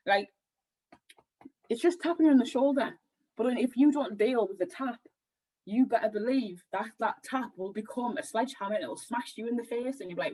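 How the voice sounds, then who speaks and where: Mellow, husky-voiced woman healer. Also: a little high, moderate pace, low-quality recording. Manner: rambling, animated storyteller. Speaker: spiritual healer guest. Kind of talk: casual podcast conversation.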